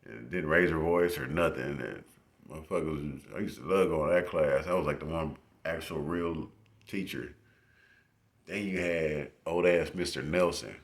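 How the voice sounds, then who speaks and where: A young man with a rumbling low voice tells stories casually into his phone at normal speed. His retelling is animated and profane, full of swearing and laughter.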